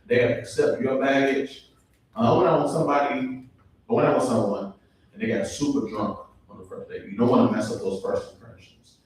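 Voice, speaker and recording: A young man performing a stand-up comedy set, chatty and relaxed, with ums and asides to the audience. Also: medium pitch, brisk. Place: live comedy show in a venue. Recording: distant, very echoey room mic with faint noise.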